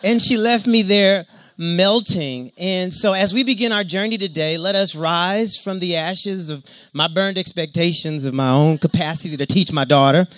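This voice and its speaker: A man's voice: sits high, moderate pace, fairly bright tone, dry recording, studio quality. A man preaching an interactive sermon with call-and-response, who draws on personal stories and guides the congregation through breathing like a yoga class.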